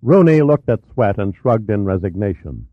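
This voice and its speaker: Low-voiced man narrating over tinny audio. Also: very animated, normal speed, no room sound. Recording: tinny narrow-band audio.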